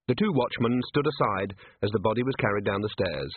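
A man reading a comic novel aloud as narrator, in a lively, expressive way. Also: fairly low pitch, brisk, hardly any pauses, breathy edge. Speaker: audiobook narrator. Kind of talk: scripted narration. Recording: tinny dry phone-like sound.

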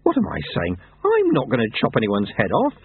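A man's voice: mid-range voice, wildly swooping pitch, fairly quick, slightly rough, no echo, full character voice. A man voicing a young, earnest male monk apprentice who sounds incredulous and fussy, over tinny narrowband audio.

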